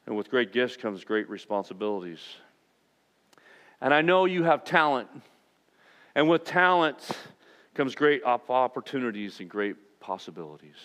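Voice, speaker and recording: A man delivers a sermon from the pulpit, his voice sitting at an ordinary middle pitch. He speaks with earnest emphasis that swells into impassioned preaching. The sound carries the long reverberation of a large church hall. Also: fairly bright tone. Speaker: pastor. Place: church sanctuary.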